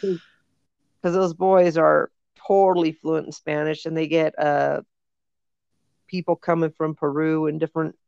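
Gravelly woman, casual podcast chat. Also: low-pitched, flat delivery, measured pace, darkish tone, no echo. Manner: rambling storyteller, many fillers. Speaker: podcast co-host. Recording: dull lo-fi dry recording.

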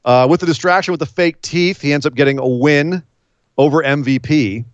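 A man hosting a casual chat about wrestling, animated, with frequent laughs and quick asides. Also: a little high, no room sound. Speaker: podcast host. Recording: dull lo-fi dry sound.

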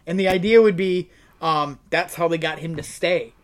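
A man's voice: fairly high pitch, normal speed. A man co-hosting a casual wrestling news podcast, laying out his theories with confidence. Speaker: podcast co-host.

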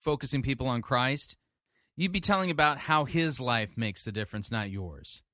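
Sardonic man with a bright dry voice. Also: medium pitch, expressive, normal speed, no room sound. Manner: dry, sarcastic, scolding. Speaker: podcast host critiquing a sermon. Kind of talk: sardonic commentary.

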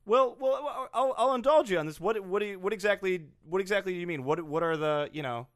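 A man hosting a comedy sports podcast, keeping the banter moving with frequent laughs in a high voice. The recording is dry. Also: quick pace, fairly bright tone, no room sound. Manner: laughing, leads the conversation. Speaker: podcast host.

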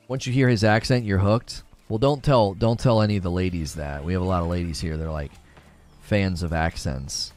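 A man's voice: low-pitched, moderate pace, darkish tone, faint music behind. A man streaming a game, chatting casually with his viewers, self-mocking and restarting often. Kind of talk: casual livestream chat while playing.

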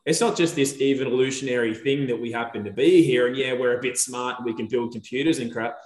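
A man's voice: mid-range voice, a little fast. Man telling a story, echoey room. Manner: animated storyteller, acts out quoted dialogue. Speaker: podcast guest. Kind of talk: casual chat.

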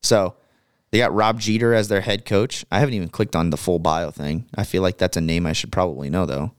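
A young man co-hosting a sports podcast, casual and animated, often repeating his words as he talks. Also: low-pitched, fairly quick, smooth, dry recording, clean studio sound. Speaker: podcast co-host.

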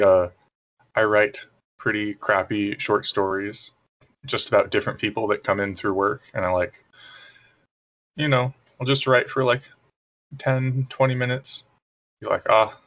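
A young man co-hosts a podcast in a relaxed, rambling way. His voice sits a little low, and he pokes fun at himself. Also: a little slow, pauses often. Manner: relaxed, rambling, self-deprecating. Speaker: podcast co-host. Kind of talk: casual chat.

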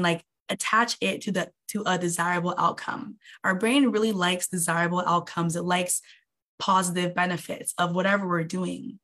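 Animated woman coaching on a livestream. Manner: animated, acts out inner voices with big pitch jumps. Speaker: online coach. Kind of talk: casual motivational livestream talk.

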